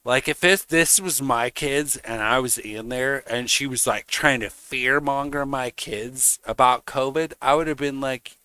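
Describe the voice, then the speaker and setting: A man's voice: mid-range voice, a little slow, hardly any pauses, pushed and bright, clear, resonant tone, no room sound. A man streaming, ranting casually in a heated, mocking way, swearing constantly. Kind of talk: casual rant.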